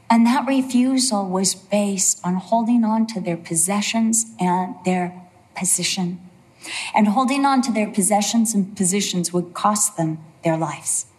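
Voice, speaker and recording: A woman preacher giving a sermon, earnest and emphatic, with a lot of repetition. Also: mid-range voice.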